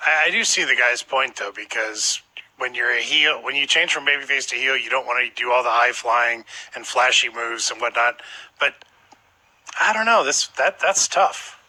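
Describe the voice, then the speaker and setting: A man joining a casual podcast chat, speaking in a hesitant way with many restarts. His voice is bright and forward. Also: medium pitch, normal speed, rough recording.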